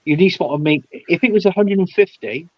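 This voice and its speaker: A man's voice: high voice, fast talker, no room sound. Guest, male, casual football talk; blunt and heated, trips over his words; muffled, dead-dry audio. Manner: blunt, heated opinions with stumbling restarts. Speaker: podcast guest.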